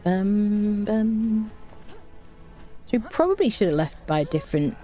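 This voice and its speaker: A woman's voice: deep voice, huge pitch swings, fast, dark tone, faint music behind. A woman streaming a game live, chatting casually with her viewers and humming little tunes to herself.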